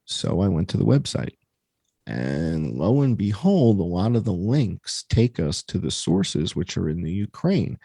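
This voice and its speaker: A man's voice: deep voice, very animated, measured pace, vocal fry, dark tone, slightly rough, no room sound, clean studio sound. A middle-aged American man hosting a casual talk show, sarcastic and mocking as he comments. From United States. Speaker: show host.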